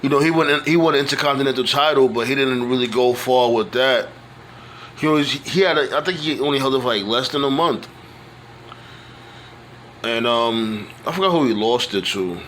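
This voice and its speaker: A man's voice: medium pitch, normal speed, a bit bright, a little hiss or hum. A man talking casually in a loose, rambling monologue, full of fillers and restarts. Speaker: wrestling fan vlogger.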